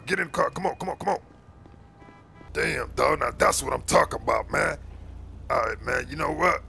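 A man's voice: fairly high pitch, creaky, bright, forceful tone, a little hiss or hum, full character voice. A man voicing a bossy street gang recruiter, full of slang, constantly calling others boy and man. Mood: hyped.

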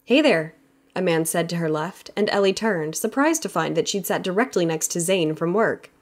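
A woman narrating a romance audiobook with steady, even storytelling. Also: on the low side, moderate pace. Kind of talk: scripted narration.

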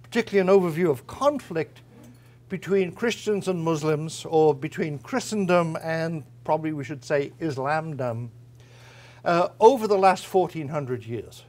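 A man lectures to a university audience in a fairly high voice. His tone is wry and conversational, and he pauses now and then to find his words. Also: a little mellow. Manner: wry, conversational, with frequent hesitations. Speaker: guest lecturer. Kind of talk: academic lecture with humor.

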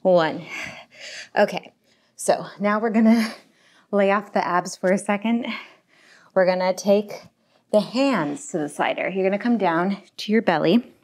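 In a home workout space, a young woman wearing a lapel mic pack leads a pilates and barre class, encouraging and upbeat while counting reps. Her mid-range voice is a little mellow and a little slow, with long pauses.

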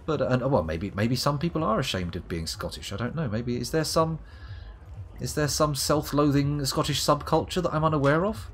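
Here a streamer from near London talks at a moderate pace in a medium-pitched, somewhat bright voice. His southern English commentary on the game he's playing is sardonic and sweary, with plenty of muttering to himself.

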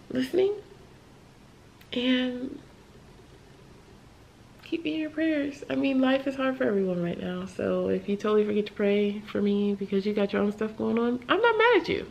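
Weary, candid young woman with gravelly fry. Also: medium pitch. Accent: American. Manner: candid, tired, halting, with sighs and soft laughs. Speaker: vlogger. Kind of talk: emotional late-night vlog talk.

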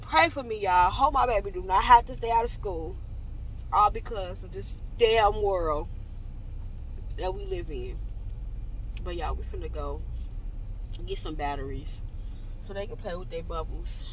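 A woman's voice: lowish voice, normal speed, fairly bright tone, slight background noise, rough recording. A woman, a family vlogger, talking straight to viewers about her frustration, emotional and repetitive, calling the audience y'all, recorded on a phone in a car. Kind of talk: venting to camera in a vlog. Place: inside a parked car.

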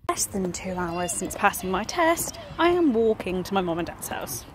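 A young woman chats to camera in a loose, rambling way, poking fun at herself as she goes. Her voice sits at an ordinary middle pitch with a faint hiss of noise behind it. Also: very animated, moderate pace. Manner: chatty, rambling, self-deprecating. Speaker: book vlogger. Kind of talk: casual vlog chat.

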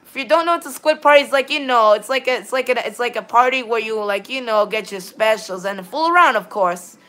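A woman streaming live gameplay who rambles, reads viewer chat aloud and greets viewers, with sudden excited bursts and a habit of repeating "all right then". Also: a little high, fairly quick. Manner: sudden excited bursts when directing players. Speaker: game streamer.

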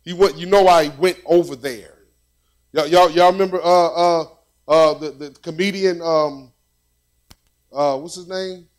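High-voiced man preaching conversationally. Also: steady tone, measured pace, long pauses. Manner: conversational preaching with repetitions and storytelling. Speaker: pastor. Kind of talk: sermon.

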